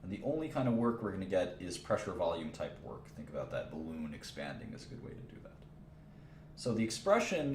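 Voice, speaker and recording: A man with a very low voice works through a chemistry lecture, thinking aloud and repeating himself as he goes. The sound is roomy and echoey, with a faint hiss of noise behind him. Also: a little mellow. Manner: thinks aloud, repeats phrases, casual asides. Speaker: chemistry teacher. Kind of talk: informal livestream lecture.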